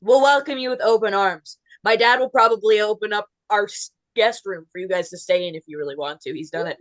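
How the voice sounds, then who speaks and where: A woman from Saskatchewan, a podcast guest chatting casually in a relaxed, talkative way. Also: medium pitch, a little fast, no room sound, poor audio. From Saskatchewan, Canada. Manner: chatty, relaxed, laughs easily. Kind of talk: casual chat.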